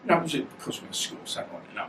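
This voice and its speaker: Speaking rapid-fire, a man in his 50s who used to box tells stories as an interview guest, blunt and rambling with plenty of slang. The recording has background noise and faint ambience, plus a roomy echo from a far-off mic.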